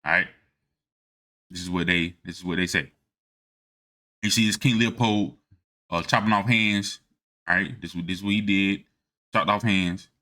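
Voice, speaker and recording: With a low voice, fairly even intonation, and a sharp tone, a man lectures at a moderate pace, pausing often. His informal, emphatic talk on religious history follows notes, and he keeps asking listeners "all right?"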